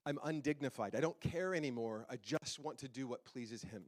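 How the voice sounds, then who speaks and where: A man's voice: medium pitch, fairly quick. A man preaching a casual, conversational sermon as pastor, playful and chatty, often asking the congregation questions, speaking into a handheld mic in a church. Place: church sanctuary.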